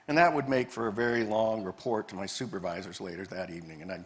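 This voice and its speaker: A man's voice: fairly low pitch, quick pace, few pauses. A man giving a live presentation, telling stories from his years as a park ranger and acting out the dialogue. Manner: animated storyteller, acts out quoted dialogue. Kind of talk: storytelling presentation to a live audience. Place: presentation room with a projector screen.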